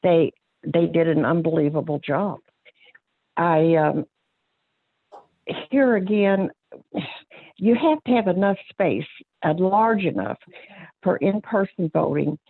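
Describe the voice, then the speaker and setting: A woman speaks as a county clerk at a board meeting, plain-spoken and earnest, pausing on fillers and restarting her sentences. Her voice sits on the low side and comes through a narrow, tinny phone line with a dry, close sound. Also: husky, dry recording. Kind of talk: remarks at a public board meeting.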